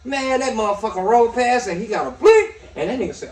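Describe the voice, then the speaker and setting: A middle-aged man hosts a casual talk show with a high, bright voice. He curses freely and spins long stories. The mic sits at a distance, and the room echoes around him. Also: fast. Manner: profane, storytelling, animated. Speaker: radio show host.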